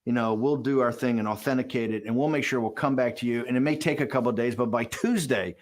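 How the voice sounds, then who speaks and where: Interview guest: man in his sixties, mid-pitched, animated raconteur who voices the other people in his stories. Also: fast. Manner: animated storyteller acting out quoted dialogue. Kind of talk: candid documentary interview.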